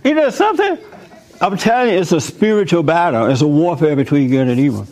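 A man's voice: on the high side, big pitch swings, brisk, darkish tone. Emphatic man preaching to a room. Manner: emphatic, jokey, acts out quoted voices. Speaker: host speaking to a live group. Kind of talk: animated preaching talk with anecdotes.

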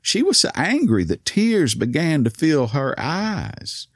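A man with an East Texas accent telling a story in a soft voice whose words slur, courtly and wry. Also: a little high, wildly swooping pitch, takes it slowly, dry recording, studio quality. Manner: courtly, old-fashioned and wry. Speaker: podcast host. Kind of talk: storytelling monologue.

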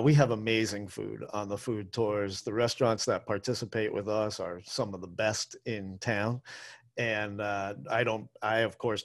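Chatty man hosting a podcast. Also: lowish voice. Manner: chatty, rambling, self-deprecating, with frequent fillers. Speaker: podcast and radio host, food tour guide. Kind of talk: casual solo podcast monologue.

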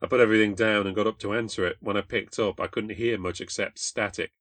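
A young man narrates a first-person ghost story in a bitter, deadpan tone. His voice sits low, and the recording is dry and close with no room sound. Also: fast, dry recording. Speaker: podcast host and narrator.

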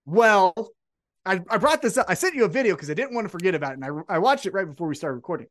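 Excitable, swearing male podcast co-host. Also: high-pitched, rapid-fire. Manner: excitable, profane play-by-play recapping. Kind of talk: casual chat.

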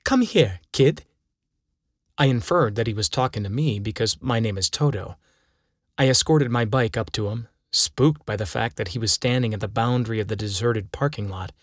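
With a voice on the low side and a brisk delivery, a man dramatically reads his own first-person story, voicing the quotes as he goes. Clean studio sound without echo.

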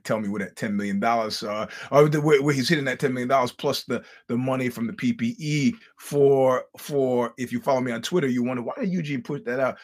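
A man hosting a podcast, telling a long profane story in a casual monologue and acting out what people said. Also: mid-range voice. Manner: profane, animated storytelling with acted-out quotes. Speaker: podcast host.

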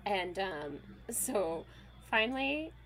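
A woman in her thirties, a podcast guest, telling a weekend story in a casual, animated way, full of fillers and quoted voices. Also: medium pitch, takes it slowly. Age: 30s.

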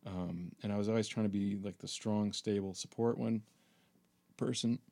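A man's voice: on the low side, fairly even intonation, moderate pace, vocal fry, warm tone. A man hosting a podcast, telling a personal story in a rambling, profane monologue full of fillers. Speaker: podcast host.

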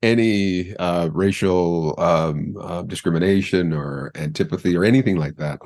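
A man's voice: deep voice, a little mellow, dry recording, studio quality. Older man with a broadcast Mid-Atlantic accent. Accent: Mid-Atlantic American broadcast. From United States. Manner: halting, repeats words, laughs easily. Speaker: guest, retired news anchor. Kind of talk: casual interview conversation.

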